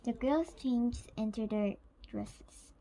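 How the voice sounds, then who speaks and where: A woman reading a children's picture book aloud in a slow, careful, gentle way. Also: on the high side, a little hiss or hum, poor audio. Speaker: storyteller.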